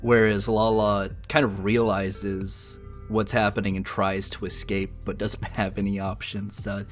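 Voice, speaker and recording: A man's voice: fairly low pitch, little pitch movement, a little slow, soft background music. A man hosting a podcast, moderating and passing turns to the other speakers. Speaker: podcast host. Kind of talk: casual podcast chat.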